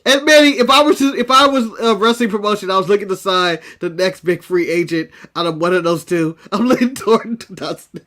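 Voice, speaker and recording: An American man co-hosting a podcast, chatting casually in an animated, joking, opinionated way and laughing often. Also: high-pitched, brisk, hardly any pauses. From United States. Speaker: co-host of a wrestling podcast. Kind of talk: casual chat.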